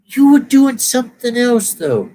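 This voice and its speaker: Slow-talking older man, mixed Southern twang. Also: very high-pitched, big pitch swings, dark tone. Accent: mixed Southern US and Californian. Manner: rambling, self-correcting, easygoing. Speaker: viewer chatting on a live stream. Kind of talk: casual chat.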